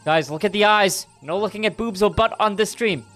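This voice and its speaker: A man's voice: sits high, fairly quick, a bit bright, faint music behind. A man chatting casually as a streamer while playing a game, joking and chatty with bits of mock outrage. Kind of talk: casual gameplay commentary.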